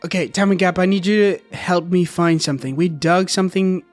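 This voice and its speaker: A man playing a tabletop role-playing game, playful and quick to laugh. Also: high voice, soft background music. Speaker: player.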